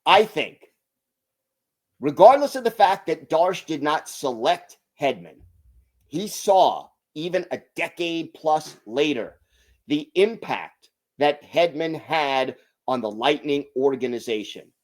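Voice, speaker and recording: A male podcast host breaks down hockey news in an emphatic, deliberate way. His voice sits a little high, and he talks at an unhurried pace. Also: big pitch swings. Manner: emphatic, deliberate opinion talk.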